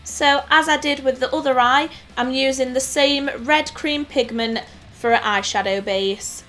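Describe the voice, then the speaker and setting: A woman with a Nottingham accent explaining makeup steps in a clear, scripted tutorial voice-over. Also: high voice, a little slow, a bit bright. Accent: English Midlands (Nottingham). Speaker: makeup artist host. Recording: voice-over with faint music.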